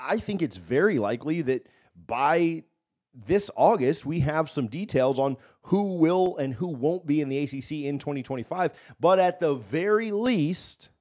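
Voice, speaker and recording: A man's voice: mid-range voice, darkish tone. A man with an ordinary mid-range voice delivers a scripted commentary monologue as a channel host. He sounds confident and emphatic.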